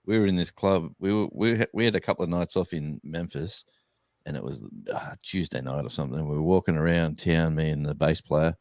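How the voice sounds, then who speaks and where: Deep-voiced Australian man, rambling. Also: fairly quick, darkish tone, dry recording. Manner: rambling, many fillers and restarts. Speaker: guest musician. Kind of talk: casual storytelling chat.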